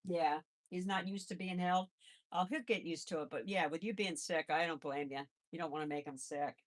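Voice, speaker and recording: A woman's voice: low voice, normal speed. A woman hosting a casual live chat, handling her pets and cooing to them in baby talk between replies to viewers. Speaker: live-stream host and rabbit foster carer.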